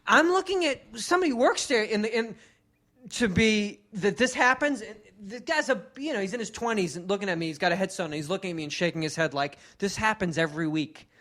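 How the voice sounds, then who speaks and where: A man's voice: high voice, fast, sharp tone. A man in his thirties, a podcast co-host rambling through a funny story and doing the voices of the people he quotes. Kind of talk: casual storytelling chat.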